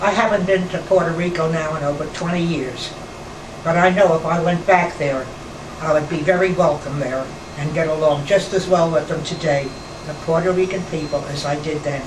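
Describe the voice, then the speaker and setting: A woman in her nineties from New York, reminiscing slowly in a rambling conversation with pauses and restarts. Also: low-pitched, fairly even intonation. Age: 90s. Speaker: interviewee, former nightclub performer. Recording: roomy, distant mic, air-conditioner hum.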